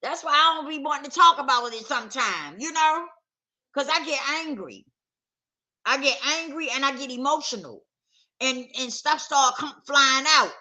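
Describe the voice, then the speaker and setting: Here the same vlogger's high, bright voice is expressive and forceful, moving at a moderate pace. Her casual rant to camera stays emphatic and heated, returning again and again to the same points.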